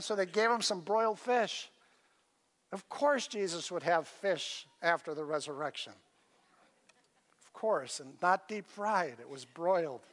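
A man with a high-pitched voice preaching a casual, storytelling sermon. He slips in and out of little voices for the people in the passage. His voice rings with the long reverb of a church sanctuary. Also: a bit bright. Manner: conversational preaching, acts out scripture dialogue in varied voices. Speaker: pastor.

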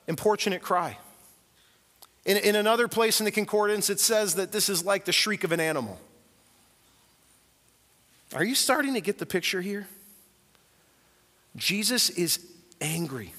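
A man preaching a sermon as a pastor, earnest and emphatic, swinging from quiet to loud as he tells the story. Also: high voice, big-room sound.

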